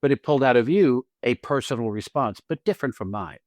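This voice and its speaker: Guy cohosting an acting podcast, lively, acts stuff out, laughs a lot, dead dry mic. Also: mid-range voice, fast, dry recording. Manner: animated, acts out quotes and lines, laughs often. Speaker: podcast co-host and acting teacher. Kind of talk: casual conversational podcast chat.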